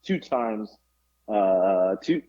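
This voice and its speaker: Man, podcast co-host, husky voice, animated storyteller, lo-fi recording. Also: fairly low pitch, extremely slow. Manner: animated storyteller, laughs often. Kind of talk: casual chat.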